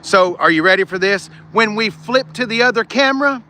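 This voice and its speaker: A man's voice: high voice, brisk, bright, forceful tone, a little hiss or hum. A man, hosting a rambling live-streamed car walkaround, chatting with viewers as he goes. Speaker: car show host. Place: outdoors on a car lot. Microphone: phone front camera.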